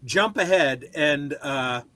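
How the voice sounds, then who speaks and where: A man's voice: fairly high pitch, animated, slow pace, a bit bright, dry recording. A man in a casual livestream chat giving short agreeing replies with fillers.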